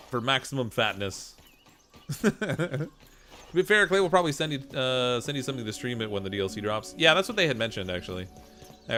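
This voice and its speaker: Chuckling man with a slight Canadian accent. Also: medium pitch. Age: 40s. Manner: relaxed, chuckling, filler-heavy. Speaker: game streamer. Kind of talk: casual gameplay stream chat.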